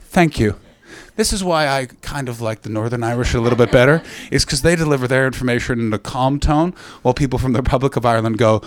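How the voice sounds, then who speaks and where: A man doing stand-up, riffing with the crowd in a profane, animated way on a comedy club stage. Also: mid-range voice, quick pace. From North America.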